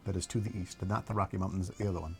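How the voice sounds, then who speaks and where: A man's voice: sits low, steady tone, racing, creaky, soft background music. Teasing man on a stream. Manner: teasing, playful. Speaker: streamer, host. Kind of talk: casual chat.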